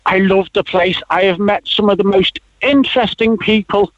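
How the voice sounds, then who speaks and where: Man, high voice, rambling radio caller, dry muffled line. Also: steady tone, moderate pace, dry recording. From Liverpool. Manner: chatty, rambling, many fillers and restarts. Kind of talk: casual radio phone-in chat.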